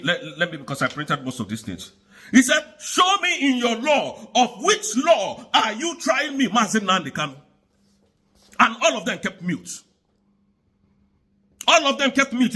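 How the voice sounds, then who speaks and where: A man's voice: very high voice, sharp tone, husky. A man giving angry, pleading political commentary that circles back on its points.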